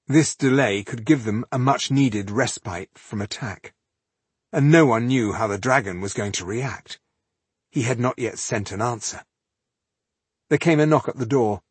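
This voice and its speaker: A man narrating an audiobook in a measured, expressive storytelling style. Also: mid-range voice, breathy edge, no room sound. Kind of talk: scripted narration.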